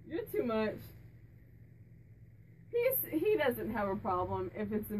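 A woman's voice: a little high, very animated, unhurried, pauses often, a little mellow, far from the mic, slight background noise, rough recording. A woman speaking as a medium, chatting casually and relaying what a spirit tells her, with many restarts and fillers. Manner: laughs and jokes with the spirit. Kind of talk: casual channeling talk to camera.

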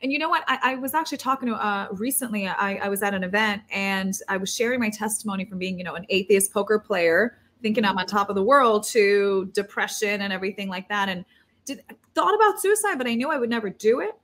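A woman's voice: medium pitch, fast, a bit bright. A woman hosting a faith interview, talking in an earnest, emphatic way. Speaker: host.

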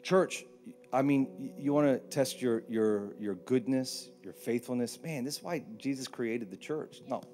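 A man's voice: mid-range voice, unhurried, soft background music. A man preaching a sermon on a church stage, joking and acting out Bible scenes in put-on voices. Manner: animated, joking, acts out quotes in put-on voices. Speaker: pastor.

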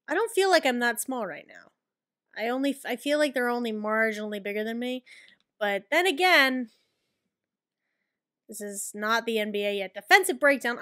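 A woman hosting a gaming video, giving casual gameplay commentary, excitable, swearing and yelling at the game. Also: on the high side.

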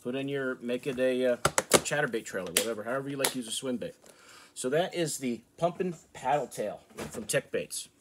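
An American man from the northeastern United States, hosting a fishing channel, casually showing off soft plastic baits in a relaxed, chatty way with fillers. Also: medium pitch, brisk, heavy background noise. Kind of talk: casual product show-and-tell.

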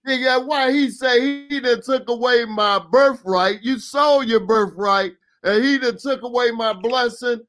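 High-voiced man hosting a folksy Bible talk. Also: steady tone, measured pace, hardly any pauses, a bit bright. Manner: folksy, chiming in to prompt the reader. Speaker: radio show host leading Bible reading. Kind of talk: casual Bible commentary. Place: radio studio.

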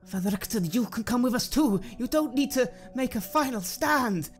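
A man's voice: very high-pitched, animated, normal speed, soft background music, voice pushed up. A man voicing a young woman who pleads with determination. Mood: pleading.

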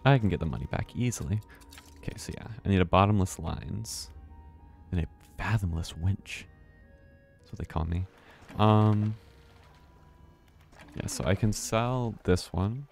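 Guy streaming a game, deep voice, slow and rambly, dry mic. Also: gravelly, a little mellow, soft background music. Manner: rambling, thinking aloud, swears casually. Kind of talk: casual live-stream commentary.

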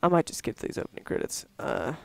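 A man's voice: fast, fairly bright tone, dry recording. A young man playing a game at home, casually reading its text aloud and swearing now and then. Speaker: gamer. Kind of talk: casual let's play commentary.

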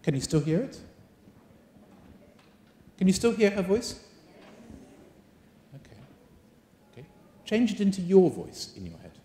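A man's voice: high voice, measured pace, long pauses. A man running a live teacher-training workshop, coaxing the audience and firing questions at them. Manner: animated, coaxing, asks the room many questions. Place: large conference hall. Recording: roomy echo of a large hall.

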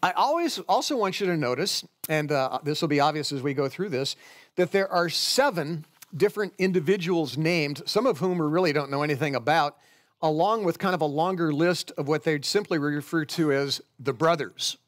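A man's voice: a little high, expressive, moderate pace. A middle-aged man, a pastor, preaching a sermon and explaining scripture verse by verse in a conversational way.

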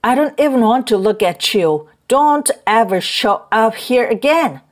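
A woman voicing a yelling, resentful young husband. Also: a little high, animated, measured pace, voice pushed up. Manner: yelling, contemptuous. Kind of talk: audiobook character voice.

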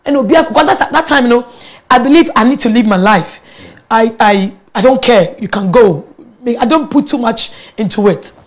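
High-voiced Ghanaian woman telling her story. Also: moderate pace. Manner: animated, laughing often, mixing local words into English. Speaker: guest. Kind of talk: candid personal storytelling in an interview.

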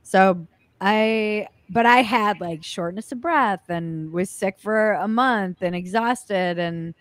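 A woman's voice: mid-range voice, slow pace, no echo. Wry woman guest on a dry call. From United States. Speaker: guest comedian. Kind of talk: casual chat.

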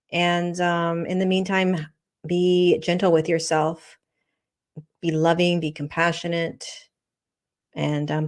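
A woman hosting a live online session as a spiritual teacher, talking earnestly with repeated phrases and restarts. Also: fairly low pitch. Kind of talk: heartfelt livestream talk.

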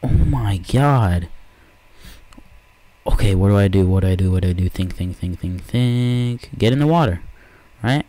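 Excitable man yelping through a game. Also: fairly low pitch, a little slow, pauses often, no echo. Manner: excitable, yelps and exclaims at the game. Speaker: let's player. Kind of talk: let's play commentary.

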